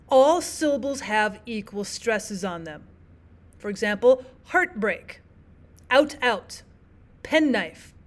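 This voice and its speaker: A woman teaching a recorded lesson, explaining terms step by step in a clear, methodical way and repeating the key points. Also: on the high side.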